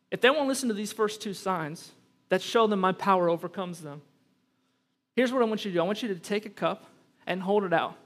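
A man pastor preaching a sermon, reading scripture and then making emphatic points with conversational asides to the congregation. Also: high-pitched. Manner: emphatic, rising to loud peaks on key points.

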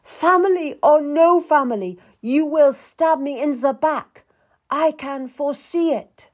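A passionate young queen from a storybook, jealous and quick to tears, with a voice pitched well above the reader's own, as a woman reader puts her on. She pleads in a strained, lifted tone. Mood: accusing.

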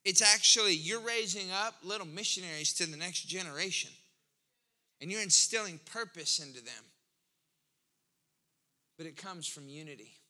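A man preaching a sermon in a conversational, animated style, building to emphatic points. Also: high voice, normal speed, pauses often. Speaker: pastor.

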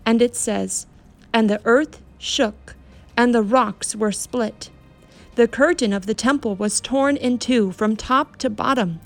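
A woman teaching a Bible story to children, speaking gently and emphatically with a lot of rise and fall in her voice. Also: fairly high pitch, slow, vocal fry, soft background music.

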